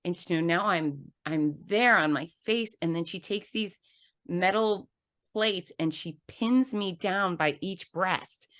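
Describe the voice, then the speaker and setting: Woman with a really low voice, podcast guest, tells her story all animated and acts stuff out, laughs at herself. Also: slow pace. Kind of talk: conversational storytelling.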